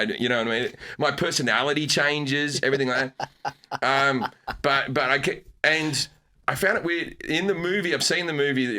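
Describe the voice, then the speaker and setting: Australian comedian guy, middle-aged, bright punchy voice, animated storytelling, squeaks up high for jokes. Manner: animated, jumps into bursts of high pitch for comic emphasis. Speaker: comedian guest. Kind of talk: casual storytelling chat.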